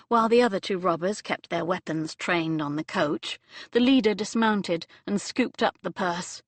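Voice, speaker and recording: An audiobook narrator, a woman with a low, dry voice, reads scripted narration in a measured, dramatic storytelling style. No room sound is audible.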